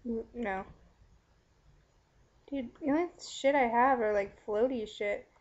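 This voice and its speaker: A chatty young woman with a slightly high voice, talking frankly to a friend on camera between giggles and fillers. Her voice comes through dull, lo-fi webcam audio. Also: takes it slowly, darkish tone. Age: young adult. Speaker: vlogger. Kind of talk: casual video letter to a friend.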